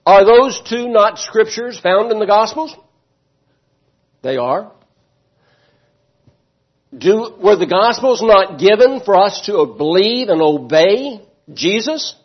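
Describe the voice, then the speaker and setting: Husky-voiced man preaching a sermon. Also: sits high, expressive, slow, long pauses, lo-fi sound. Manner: emphatic preaching, asks the congregation questions. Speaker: pastor.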